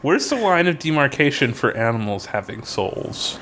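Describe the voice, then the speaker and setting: A man co-hosting a casual podcast chat, animated and laughing, slipping into silly voices. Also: mid-range voice, moderate pace, slight background noise. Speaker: podcast co-host.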